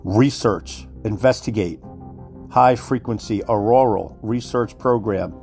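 A man's voice: medium pitch, moderate pace, a little mellow, soft background music. Worked-up man ranting, profane. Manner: heated, profane, repeats "folks". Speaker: commentator. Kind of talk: profane conspiracy rant.

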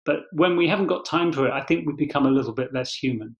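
A man speaking as a podcast guest, explaining his ideas in a thoughtful, measured way with gentle restarts. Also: on the high side. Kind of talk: reflective conversational explanation. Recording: slightly dull lo-fi sound.

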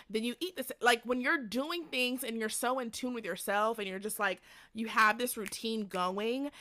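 A woman's voice: a little high, pushed and bright, dry recording, studio quality. A young woman hosting a faith podcast, talking earnestly and candidly about her life in a rambling, personal monologue from home. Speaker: podcast host. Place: at home during a storm.

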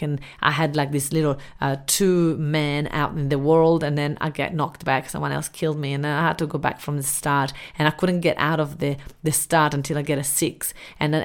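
A middle-aged woman business coach talking casually to her listeners, acting out her own reactions in quick quoted asides. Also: deep voice. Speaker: business coach and podcast host. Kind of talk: casual monologue.

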